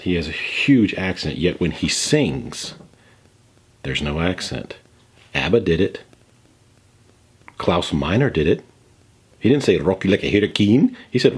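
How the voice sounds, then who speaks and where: Guy in his 40s, low husky voice, sarcastic chatty reaction host, a bit theatrical. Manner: wry, sarcastic, playfully theatrical asides. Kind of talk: casual reaction commentary.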